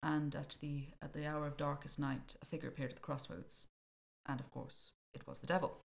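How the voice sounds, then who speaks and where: A woman telling a folktale in a lively, jokey way during a casual chat. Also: low voice, a little fast, vocal fry. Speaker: podcast co-host telling a folktale.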